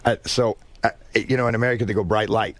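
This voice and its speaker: A Scottish man, an actor guest, chatting in a radio interview with quick restarts and animated storytelling. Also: mid-range voice, no room sound. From Scotland. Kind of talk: casual radio interview chat.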